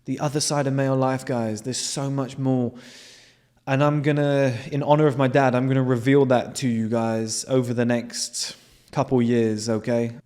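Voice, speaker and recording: A man with an animated manner, hosting a casual monologue to his viewers and swearing freely. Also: medium pitch, moderate pace. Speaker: host.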